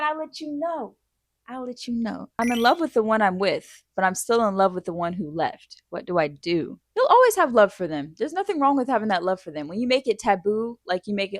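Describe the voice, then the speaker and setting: A woman in her thirties answers viewer questions with blunt, frank advice, swearing as casually as she chats. Her voice sits mid-range in pitch. The sound is close and dry, with no room echo. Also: expressive, brisk.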